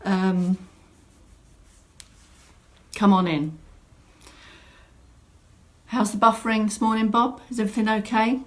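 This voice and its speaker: A woman's voice: medium pitch, fairly even intonation, slow, pauses often. A woman fitness instructor, chatting and greeting viewers by name at the start of a live online exercise class from a home room. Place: home room set up as studio.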